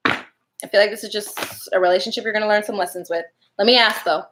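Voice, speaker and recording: A woman's voice: medium pitch, fairly even intonation, fairly quick, fairly bright tone, slight background noise. A woman giving casual live tarot readings, chatty and laughing often as she talks to viewers. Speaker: tarot reader.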